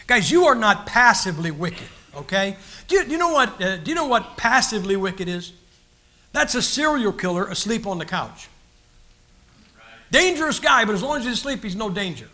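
A man's voice: high-pitched, expressive, a little fast, sharp tone. An older man, preaching a sermon in a folksy, joking style with many restarts. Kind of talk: sermon with humorous stories.

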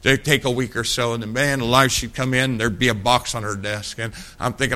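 A middle-aged man preaching a sermon in a folksy, storytelling way, often asking his listeners rhetorical questions. His voice is bright and forward, sitting at an ordinary pitch for a man. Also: moderate pace, hardly any pauses.

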